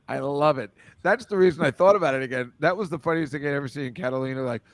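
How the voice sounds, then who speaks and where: A man's voice: fairly high pitch, brisk, no room sound. A man hosting a casual football picks chat over a video call, rambling loosely and laughing often. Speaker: host.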